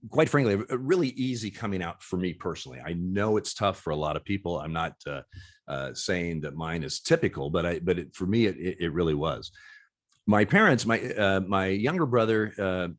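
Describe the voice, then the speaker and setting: A very low-pitched man in his sixties speaks as a podcast guest, candid and unhurried. He stumbles over his words, repeating them and starting over as he works through his thoughts. The sound is close and dry, with no room around it. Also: animated, no echo. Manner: halting, stacks repeated words and restarts. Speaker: guest, former umpire. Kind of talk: candid interview conversation.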